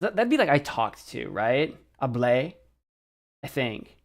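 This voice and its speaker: A man's voice: medium pitch, very animated, measured pace, creaky. An American man streaming, chatting casually as he practices a language app, thinking aloud and second-guessing himself.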